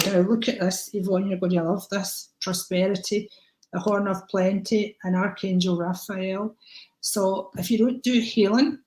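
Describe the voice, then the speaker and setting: A woman's voice: medium pitch, a little mellow. A woman doing a live-stream card reading, chatty and affectionate, calling viewers by name. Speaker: psychic card reader. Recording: echoey room.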